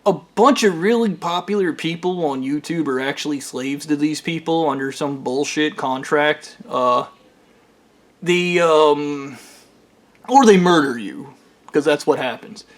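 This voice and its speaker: A man with a fairly high-pitched voice rambles through a personal story in a loose storytime monologue. He swears constantly and keeps restarting his sentences with "um" and "like". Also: unhurried. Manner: profane, rambling, full of fillers and restarts. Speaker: storyteller recounting his own experiences.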